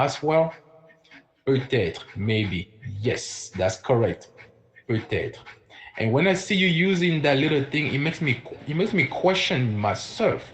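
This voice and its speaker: A man teaches a beginner French lesson on a live stream, repeating words slowly and chatting with viewers in the comments. His voice is on the high side, and the recording is rough.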